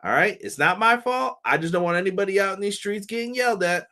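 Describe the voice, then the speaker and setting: Animated, loose-talking man reviewing wrestling. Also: high voice, fast talker. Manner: loose, animated, laughing, cursing, doing mock voices. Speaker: wrestling podcast host. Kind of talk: casual show review.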